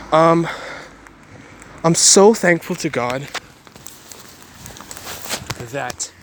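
Man, casual daily vlogger, earnest and rambling, voice a bit high. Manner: rambling, self-correcting, earnest. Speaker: Christian vlogger.

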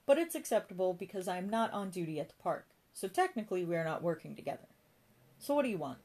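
A woman's voice: fairly low pitch, big pitch swings, fast talker, darkish tone. A woman reading a storybook voicing a prim, haughty and flirtatious woman behind an admissions desk.

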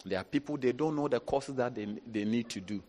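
Animated preacher in a hall. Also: male voice, medium pitch, fairly quick. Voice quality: animated, rising to shouts and laughter. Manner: preaching with call-outs and acted quotes. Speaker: bishop. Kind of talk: sermon. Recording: long reverb in a large hall.

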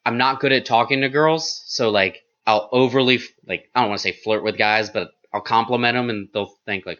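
A flamboyant man talking casually about his stand-up, animated and full of fillers. His voice is lowish but bright and forceful, and the recording sounds slightly dull and lo-fi. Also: brisk. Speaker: stand-up comedian. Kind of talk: casual chat.

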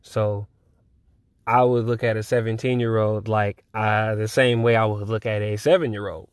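A man's voice: lowish voice, fairly even intonation, moderate pace, clear, resonant tone, no room sound, studio quality. A man in his twenties, hosting a podcast alone, rambling casually with lots of swearing and laughter. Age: 20s. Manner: profane, laid-back and rambling, with frequent laughs. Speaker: podcast host. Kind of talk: casual solo chat.

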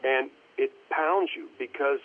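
A man chatting casually on a commentary track, rambling and halting as he searches for his words, heard over a phone line. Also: medium pitch. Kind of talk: casual chat.

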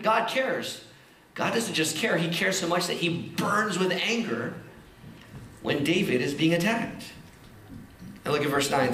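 A male pastor preaching in a high, bright voice. He slows right down for scripture and then talks to the congregation loosely, almost chatty. The sound is roomy and echoey, like a church hall. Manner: animated, conversational preaching with casual asides. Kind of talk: sermon.

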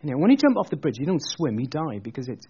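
A man preaching a sermon, telling a story in an animated, chatty way with jokey asides. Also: fairly high pitch, fast talker, slightly rough, lo-fi sound.

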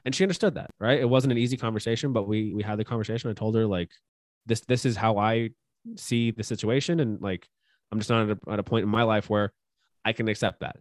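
A young man co-hosting a podcast, casual and earnest, offering gentle advice with fillers and asides. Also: fairly low pitch, fast, dry recording, clean studio sound. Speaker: podcast co-host. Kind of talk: casual chat.

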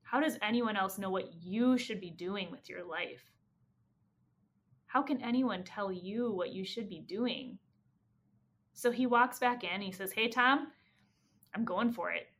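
A woman podcast host retelling a story in a casual, animated way, acting out the quoted lines. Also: mid-range voice, measured pace, long pauses.

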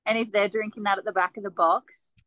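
A woman's voice: mid-range voice, steady tone, fairly quick, fairly bright tone, dry recording, rough recording. A young woman co-hosting a podcast in casual chat, blunt and swearing as she chimes in with asides. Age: young adult. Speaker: podcast co-host.

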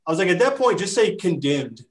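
A man, a personal trainer, talking in casual podcast banter, brash and profane, mocking gym-goers with quick impressions. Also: high-pitched, lively intonation, crowd noise.

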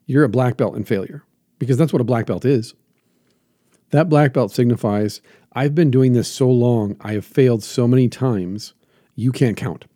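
A man's voice: mid-range voice, normal speed, mellow, no room sound, clean studio sound. A man hosting a reflective motivational monologue as a jiu-jitsu teacher, earnest and emphatic with lots of repetition.

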